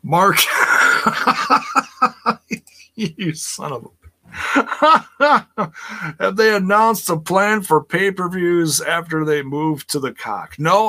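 Male stream host, crisp bright tone, casual rambling chatter with repeated words. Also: mid-range voice. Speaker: wrestling podcast host reading chat. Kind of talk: casual live-stream chat.

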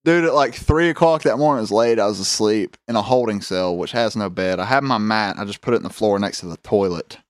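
A man's voice: fairly low pitch, fast talker, few pauses, no echo, studio quality. A man telling a rambling, profane story on a casual podcast, acting out the voices of people in it. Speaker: podcast host.

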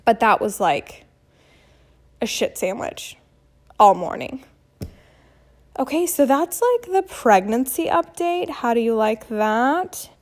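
A woman in her thirties vlogging in a casual, storytelling way, her voice sitting a little high. She is animated and blunt, slipping in mild swearing and acting out the quotes of her story. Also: takes it slowly, pauses often. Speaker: vlogger and mother.

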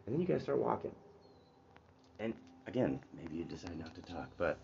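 Very deep-voiced man telling a story. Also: big pitch swings, moderate pace, gravelly, mellow. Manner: conversational, checks in with "right?". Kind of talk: casual storytelling monologue. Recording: dull lo-fi with faint noise.

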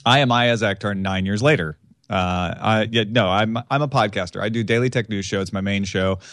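Lower-voiced man, dry playful guest. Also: brisk, a bit bright, no room sound. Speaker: podcaster guest. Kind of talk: casual interview chat.

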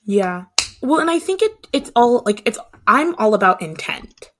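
A woman's voice: a little high, big pitch swings, normal speed, background noise. A woman in her twenties hosting a casual podcast discussion, chatty with many filler words. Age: 20s. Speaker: podcast host.

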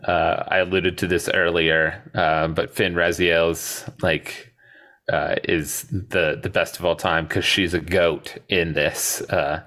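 Slow, deep-voiced podcast co-host. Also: male voice, little pitch movement, bright, forceful tone. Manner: laughs often, bursts into high squeaky voices for quotes. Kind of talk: casual chat quoting movie lines.

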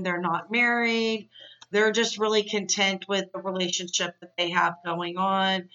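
A woman's voice: medium pitch, pushed and bright, recorded from a distance, lo-fi sound. A woman podcast host giving a casual, chatty, opinionated episode recap. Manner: chatty and opinionated, many fillers.

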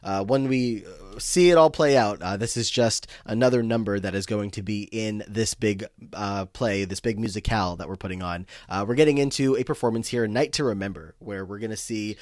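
A man's voice: lowish voice, a little fast, hardly any pauses, darkish tone, no echo, clean studio sound. A man co-hosting a movie recap podcast, talking in a loose, rambling way with lots of fillers and restarts. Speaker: podcast co-host. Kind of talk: casual chat.

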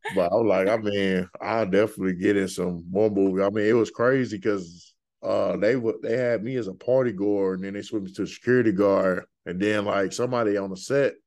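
Male podcast host, 30s, very deep voice, easygoing rambling storyteller. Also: steady tone, a little fast, hardly any pauses, darkish tone. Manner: laid-back, rambling storyteller with many fillers. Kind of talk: casual interview chat.

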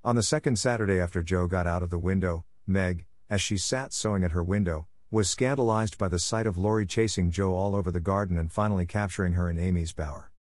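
Low-voiced male audiobook narrator. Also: quick pace, hardly any pauses, a little mellow, no echo.

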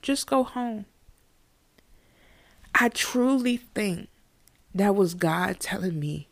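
A woman's voice: mid-range voice, takes it slowly, creaky. A young woman telling a personal story in a casual, conversational way, acting out the voices of people she quotes. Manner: conversational, animated with quoted voices, frequent "you know what I mean". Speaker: podcast guest or host sharing a personal story.

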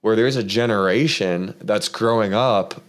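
A man's voice: on the low side, unhurried. A man hosting a casual faith-focused conversation, telling a long personal story in an earnest, rambling way with lots of fillers. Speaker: podcast host.

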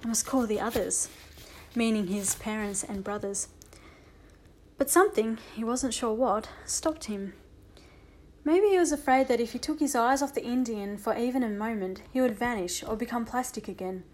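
A woman narrating a children's audiobook with a lively, expressive reading. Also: a little high, moderate pace.

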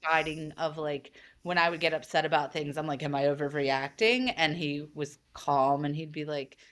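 A woman's voice: low voice, normal speed, a bit bright. Young woman talking reflectively, fillers. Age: young adult. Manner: chatty, reflective, many fillers like "like". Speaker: podcast guest, boudoir photographer. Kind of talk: casual conversational interview.

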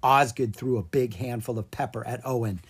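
A narrator reading a children's storybook aloud in an expressive, playful way. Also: mid-range voice, a little fast, slight background noise.

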